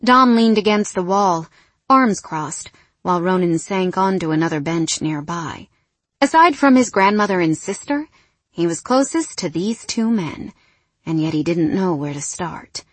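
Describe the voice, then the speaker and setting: A woman narrating an audiobook in an expressive voice with dramatic pauses. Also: lowish voice, no echo.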